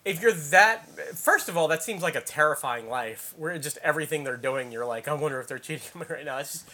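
A man from South Carolina, a guest on a casual podcast, talking in a quick, wry, conversational way. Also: on the high side, expressive, sharp tone.

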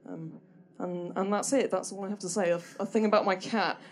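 一位说话犹豫、略带英国口音的年轻女子在台上讲单口故事. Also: female voice, mid-range voice, steady tone, a little fast. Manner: hesitant, rambling, full of ums and restarts; dry self-deprecating humour. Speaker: stand-up performer. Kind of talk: stand-up storytelling. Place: small comedy venue stage.

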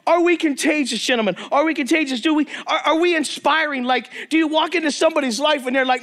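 High-voiced, animated male preacher. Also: fast talker, few pauses. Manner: animated, acts out quoted voices, jokey asides. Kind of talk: energetic storytelling sermon. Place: church or men's meeting hall.

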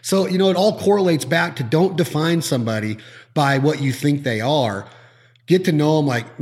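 Animated Midwestern man telling stories. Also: fairly high pitch, normal speed. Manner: animated storyteller who acts out quoted voices. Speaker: podcast host. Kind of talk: casual chat.

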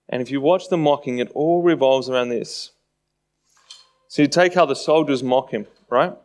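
A man preaching a sermon in a conversational way, often acting out mocking voices. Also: mid-range voice.

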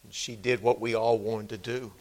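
A man's voice: fairly low pitch, little pitch movement, moderate pace, darkish tone. A man preaching a sermon as pastor, telling a story and acting out the people in it, then closing in prayer. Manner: storytelling, acts out quoted voices.

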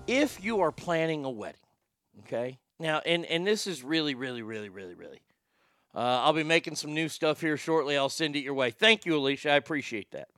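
A man's voice: on the high side, animated, brisk, a bit bright, dry recording, soft background music. A man hosting a show, talking in a folksy, rambling, profane way with many restarts. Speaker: show host. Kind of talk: casual talk-show monologue.

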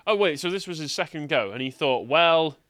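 Dry-witted male co-host, quick sarcastic asides, slightly high voice. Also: big pitch swings, a bit bright, dry recording. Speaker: podcast co-host. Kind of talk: casual news commentary chat.

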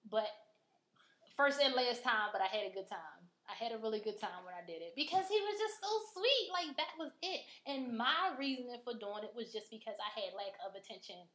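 A woman's voice: fairly high pitch, a little fast. A woman podcast host telling a personal story in casual chat, frank and full of swearing. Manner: frank, profane and animated. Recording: roomy echo.

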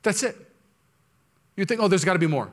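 A male pastor preaching a sermon, moving between quiet, low asides and loud, high, impassioned stretches. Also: expressive, brisk.

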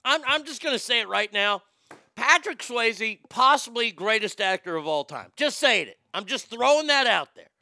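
High-voiced guy with a gravelly edge, ranting and swearing, close dry mic. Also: normal speed, no echo. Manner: profane, rambling, animated. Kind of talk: casual ranting commentary.

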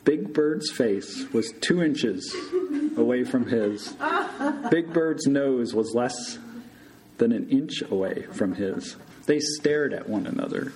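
Slow, expressive male storyteller. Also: mid-range voice, a crowd in the background, poor audio. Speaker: surgical resident telling a story. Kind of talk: live storytelling to an audience.

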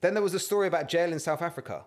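A man's voice: a little high, racing. A man, co-hosting a podcast in casual, sardonic banter full of dry asides. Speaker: podcast co-host.

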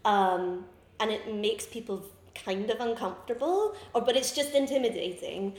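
A woman in her twenties chatting casually in an interview, rambling and giggling through animated stories. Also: fairly high pitch, moderate pace, reverberant. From Scotland. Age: 20s. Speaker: comedian guest.

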